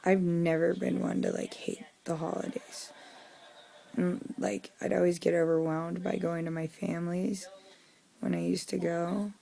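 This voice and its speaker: Weary, gravelly-voiced young woman venting. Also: lowish voice, little pitch movement, takes it slowly, pauses often, warm tone. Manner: profane, irritable venting with frequent fillers. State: low and weary. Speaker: vlogger. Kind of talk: casual personal vlog.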